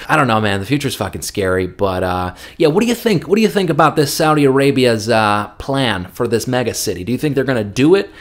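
A man's voice: medium pitch, lively intonation, quick pace, few pauses. A man in a casual opinion vlog, joking and rambling with plenty of swearing. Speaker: vlogger.

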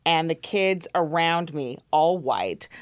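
A woman with a lowish voice hosting a casual podcast chat. She tells stories in an emphatic, playful way. The recording is dry and close to the mic. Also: big pitch swings, takes it slowly, no echo. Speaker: podcast host.

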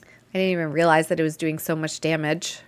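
A woman's voice: sits low, flat delivery, a little fast, slight background noise. A chatty woman streaming a life-sim game, narrating what she sees with little laughs. She talks straight at her characters in a friendly, easygoing way, as if they could hear her. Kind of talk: live gameplay commentary.

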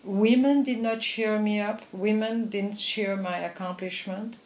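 An older woman with a French accent, a film editor telling lively anecdotes in a conversational interview, with frequent laughs. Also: mid-range voice, unhurried, roomy sound, low-quality recording. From France. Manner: animated anecdotes with frequent laughs and "you know". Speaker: film editor and director, guest.

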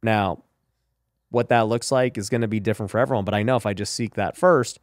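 A man's voice: on the low side, fairly even intonation, brisk, no echo, clean studio sound. Emphatic man hosting a podcast. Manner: emphatic, frequent "you know" and "right?". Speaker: podcast host. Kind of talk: casual faith and business talk.

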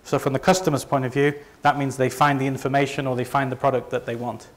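A man with a Leeds accent talks an audience through his slides in an easygoing, chatty way. He often restarts his sentences and pokes fun at himself. His pitch sits in an ordinary middle range for a man. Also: level tone, fast talker. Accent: Northern English, Leeds. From north of England. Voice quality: conversational, self-deprecating, frequent restarts. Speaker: company presenter. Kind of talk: conference presentation to a live audience.

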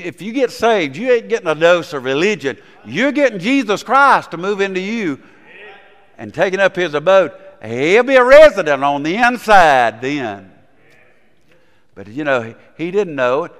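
Pastor preaching in a reverberant church. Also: male voice, fairly high pitch, sing-song, normal speed, fairly bright tone. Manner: folksy storytelling preaching, asks the congregation questions. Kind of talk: sermon. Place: church sanctuary. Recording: long reverb in a church sanctuary.

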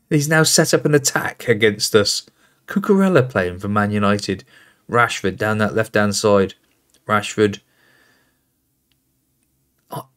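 A man hosting a football management game, calling out player names and reacting with exasperation as play unfolds. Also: lowish voice. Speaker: gaming host. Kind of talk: casual game commentary.

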